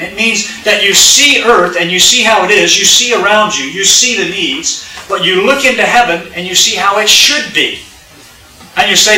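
A male pastor preaches in a conversational way, repeating lines and putting questions to his congregation. His voice is very bright and a little high. It comes from some distance off the mic in an echoey church sanctuary. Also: moderate pace. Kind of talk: sermon.

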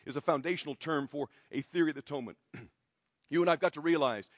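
A male pastor preaching a sermon, emphatic, slowing down for stress and dropping to quiet lines at key moments. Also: no room sound. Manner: emphatic, varies pitch and loudness widely, slows for stress.

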